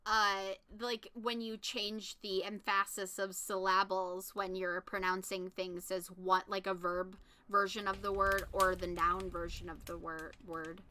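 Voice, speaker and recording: Woman game streamer, bright voice, chatty, excitable, casual commentary. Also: mid-range voice, a little slow, few pauses.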